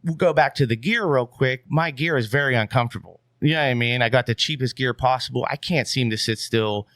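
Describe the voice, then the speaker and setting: Animated man telling a story on a dry mic. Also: mid-range voice, a little fast, no echo. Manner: animated, swears freely, leans on "you know what I mean". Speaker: podcast guest. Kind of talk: casual storytelling.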